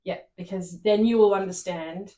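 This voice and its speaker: A woman's voice: medium pitch, steady tone, normal speed, dark tone. A woman co-hosting a cross stitch video, chatting casually and laughing through her words. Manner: chatty, laughing while she talks. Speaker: co-host of a cross stitch channel. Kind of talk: casual chat.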